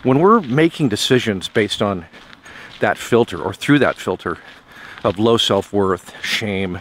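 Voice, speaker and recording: A man's voice: lowish voice, animated, unhurried, slight background noise. A man casually telling a story in a motivational vlog while out on a walk, often repeating words as he goes. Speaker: vlogger. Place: outdoors on a walk.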